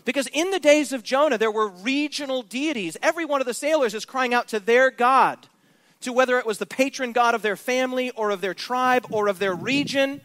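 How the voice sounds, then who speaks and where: High-voiced emphatic male preacher. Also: a little fast, a bit bright, no room sound. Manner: emphatic, rhetorical questions to the congregation. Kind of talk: sermon.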